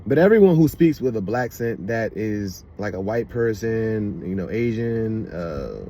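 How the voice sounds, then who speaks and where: This DC-area man speaks in a lowish, expressive voice at a measured pace, giving rambling, casual commentary loaded with fillers and repeated checks that you know what he means. Outside, a car goes by loudly.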